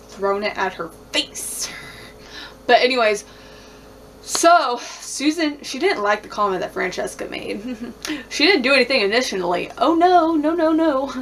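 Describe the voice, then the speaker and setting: A woman's voice: mid-range voice, a bit bright, slight background noise. A woman recapping a reality show in a casual vlog, talking bluntly with lots of swearing and "like", and laughing often. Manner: blunt, profane, heavy use of "like".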